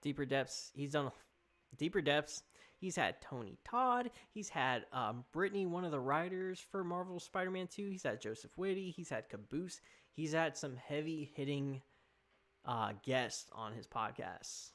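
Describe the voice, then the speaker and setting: A man's voice: fairly high pitch, lively intonation, normal speed, a bit bright. A young man chatting on a live stream, rambling casually and reading out comments from chat.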